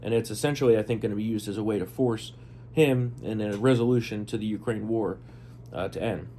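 A man co-hosting a podcast in casual political chat, opinionated and rattling off lists, a bit hoarse as he loses his voice. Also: on the low side, a little fast, warm tone, slight background noise. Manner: opinionated, talks in lists with fillers. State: losing his voice. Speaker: podcast co-host.

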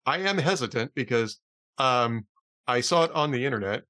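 A man's voice: mid-range voice, animated, unhurried, bright, forceful tone. A man hosting a podcast in casual chat, telling jokes and chuckling as he reads. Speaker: podcast host.

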